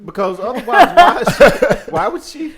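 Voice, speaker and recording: A woman co-hosting a podcast in casual chat, teasing and cutting in with quick remarks. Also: on the high side, very animated, a crowd in the background. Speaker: podcast co-host.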